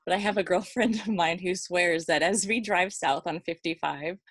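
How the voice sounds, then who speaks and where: A woman's voice: fairly low pitch, moderate pace, fairly bright tone, no room sound. A woman co-hosting a podcast, joking playfully in casual studio chat. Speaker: podcast co-host.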